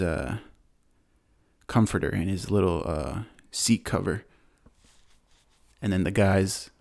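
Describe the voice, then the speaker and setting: A man hosting a podcast, casually retelling a movie plot in a rambling way, full of fillers and quick laughs. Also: deep voice, creaky, darkish tone. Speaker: podcast host.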